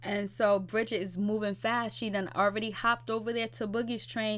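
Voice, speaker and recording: A woman's voice: medium pitch, flat delivery, normal speed. A woman vlogs a casual recap of a television episode, her voice sitting in a medium register. She retells the drama in a chatty, gossipy way, as if talking to a friend. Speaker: TV recap vlogger.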